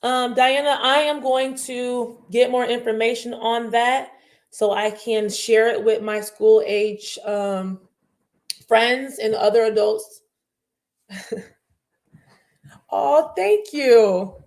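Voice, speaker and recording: A woman's voice: a little high, level tone, slow pace. A young woman teacher and host talking earnestly and passionately in a casual panel chat, rambling with many fillers.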